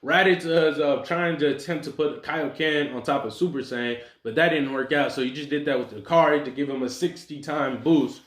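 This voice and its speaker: A young man tells a made-up fan story in a loose, rambling way, full of slang and homemade sound effects. His voice sits a little high for a man. The recording is roomy and echoey, as if made in a bare room at home. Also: normal speed, hardly any pauses. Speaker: storyteller narrating an imagined fan scenario. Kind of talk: casual animated retelling with voiced quotes.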